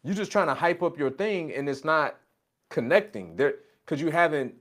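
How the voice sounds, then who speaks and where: A man's voice: a little high, lively intonation, normal speed, fairly bright tone. Emphatic man coaching in a casual chat. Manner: emphatic, repeats catchphrases. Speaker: business coach.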